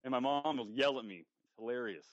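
A man's voice: medium pitch, no echo, highs cut off. A man in casual podcast chat, joking and swearing freely as he talks. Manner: profane, joking, quick-talking.

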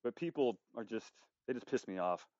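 A man's voice: mid-range voice, expressive, darkish tone, no room sound, lo-fi sound. A man in casual podcast chat, joking and swearing freely as he talks. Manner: profane, joking, quick-talking.

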